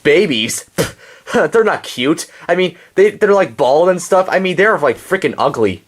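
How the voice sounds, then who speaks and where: A man's voice: on the high side, animated, a little slow. A man voicing a rude, boastful cartoon boy in a homemade puppet show, whiny and bratty.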